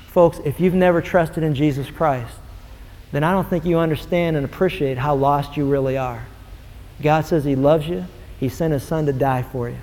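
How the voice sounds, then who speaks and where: A man's voice: a little high, normal speed, darkish tone. A man preaching a fervent, emphatic sermon, acting out quoted dialogue as he goes. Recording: long hall reverb.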